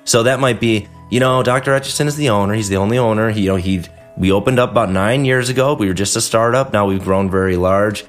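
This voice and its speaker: Guy with a lowish voice running a casual dental biz podcast, animated, jumps into little character quotes, faint music under it. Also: quick pace, few pauses. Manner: animated, acts out patient and staff quotes. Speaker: podcast host, dentist. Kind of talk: casual instructional talk.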